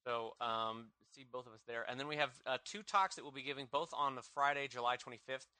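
A man's voice: medium pitch, steady tone, a little fast, pushed and bright, smooth, no room sound. A middle-aged man co-hosting a podcast, rambling and jokey, often stopping to correct himself mid-sentence. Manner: rambling, self-interrupting, jokey. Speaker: podcast co-host. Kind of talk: casual podcast chat.

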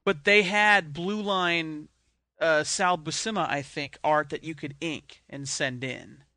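A man's voice: on the high side, takes it slowly, sharp tone, no echo. A man co-hosting a podcast, telling rambling, self-deprecating stories in casual banter. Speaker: podcast co-host.

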